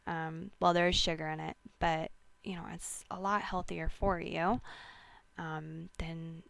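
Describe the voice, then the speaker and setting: A woman speaks slowly and unhurriedly, her voice smooth yet gravelly with vocal fry. She gives wellness tips in a rambling, casual way, full of ums and restarts, and the recording is dry and close. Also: low voice, flat delivery, a bit bright, dry recording. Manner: slow, rambling, with many fillers and restarts. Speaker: wellness host. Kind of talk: casual advice talk.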